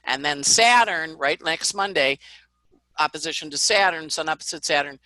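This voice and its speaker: Bright-voiced chatty woman astrologer. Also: low voice, moderate pace, no echo, low-quality recording. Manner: animated, chatty, laughs between points. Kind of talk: casual astrology talk.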